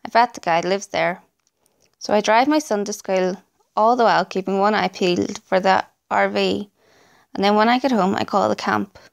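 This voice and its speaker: A woman's voice: mid-range voice, gravelly. A woman reading true creepy stories aloud in a dramatic storytelling manner. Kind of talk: scripted narration.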